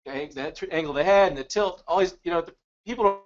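A middle-aged man with a slightly high voice tells a story about his photography work. He talks haltingly and earnestly, often restarting his words. The sound is muffled and lo-fi. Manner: halting, repeats words, heartfelt. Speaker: photographer, guest co-presenter. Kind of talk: conversational storytelling. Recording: dull lo-fi recording.

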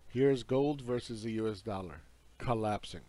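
A man's voice: on the low side, normal speed, warm tone, dry recording. A man lecturing on market charts in an emphatic, insistent and scornful way. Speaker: market commentary host.

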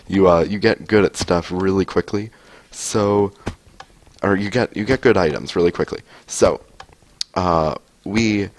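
A man's voice: deep voice, slight background noise. A man rambling through a story as he comments on gameplay, with lots of fillers, restarts and laughter. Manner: laughs often. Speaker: gaming video host.

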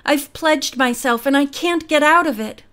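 A woman's voice: high-pitched, normal speed, fairly bright tone. A woman voicing a troubled, fearful young woman in an audiobook mystery, speaking in a subdued, miserable way.

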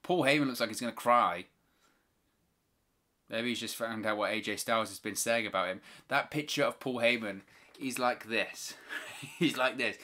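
Bright-voiced man calling wrestling live. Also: mid-range voice, moderate pace. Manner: opinionated, exasperated rants. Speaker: watch-along host.

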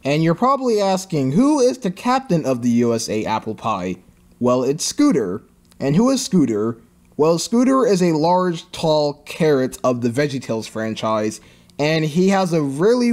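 A man's voice: on the high side, big pitch swings, unhurried, darkish tone. A man giving sarcastic review commentary on a cartoon, ranting in an exasperated, mocking way.

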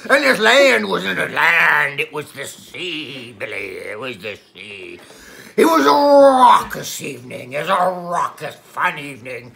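A woman doing a gravelly old pirate captain. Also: deep voice, sing-song, a little slow, few pauses, pushed and bright, exaggerated voice. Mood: folksy. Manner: rambling, theatrical yarn-spinning with laughs. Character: boastful old male pirate captain, rum-loving storyteller. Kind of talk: comedic character sketch.

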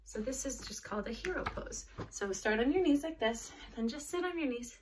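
A woman's voice: high voice, expressive, brisk. A woman reading a picture book and leading a children's yoga class, encouraging the kids in simple words. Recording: distant mic, faint background noise.

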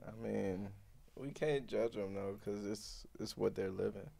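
A young man chatting as a guest on a casual group podcast, laid-back and slow to make his point. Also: lowish voice, vocal fry, warm tone.

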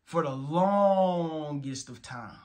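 A man's voice: on the high side, lively intonation, slow pace, darkish tone. A young man in his twenties giving a blunt, profane motivational talk, stressing words and checking in with "you feel me". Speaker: motivational vlogger. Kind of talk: casual motivational monologue.

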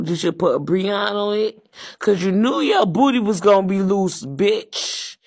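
A woman hosting a crude, improvised comedy roast, taunting and insulting in a drawl and breaking into shouts. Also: mid-range voice, very animated, slow pace, vocal fry, no room sound. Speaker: comedic host.

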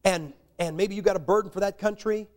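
Folksy, high-voiced male preacher. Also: fairly quick, a little mellow. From United States. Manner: folksy, joking preaching with emphatic rises. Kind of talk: sermon.

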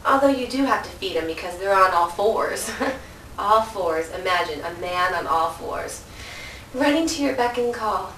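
Woman, comedic sales pitch, playful; roomy distant recording with faint hiss. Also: expressive, normal speed, a bit bright. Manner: playful, mock-sales patter, laughing. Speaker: comedic infomercial presenter.

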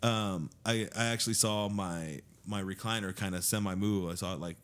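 A man's voice: fairly low pitch, brisk. A man telling ghost stories in casual podcast chat, swearing often and acting out what people said. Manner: swearing, animated storytelling with acted-out quotes. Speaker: podcast guest. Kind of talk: casual storytelling.

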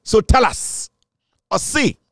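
A man's voice: slow pace, no room sound, clean studio sound. A man with a Ghanaian accent delivering insistent political commentary, repeating his points and switching between English and Twi.

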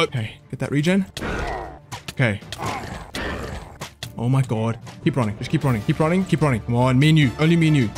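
A young man giving excitable, panicky gameplay commentary as a video host, repeating himself and swearing. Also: mid-range voice, a little fast, long pauses, soft background music.

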